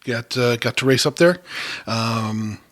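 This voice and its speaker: A man's voice: mid-range voice, takes it slowly, a bit bright. A man co-hosting a casual podcast chat, joking and laughing often as he talks. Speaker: podcast co-host. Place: lives in Connecticut.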